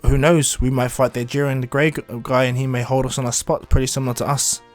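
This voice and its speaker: A man's voice: mid-range voice, flat delivery, quick pace, natural voice. Upbeat hero fighter, firm and easygoing, man doing the voice; cartoon retelling, faint music. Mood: calm. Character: cheerful confident male fighter hero.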